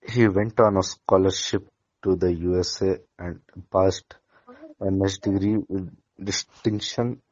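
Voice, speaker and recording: A man, a student reading a lesson aloud haltingly, with small slips and restarts. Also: low-pitched, a little mellow, dull audio.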